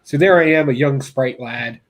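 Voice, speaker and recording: A man, a guest with a rural upbringing, tells a funny story in casual conversation, laughing often and acting out the people he quotes. His voice sits at a medium pitch and moves at a normal speed, with noise in the background.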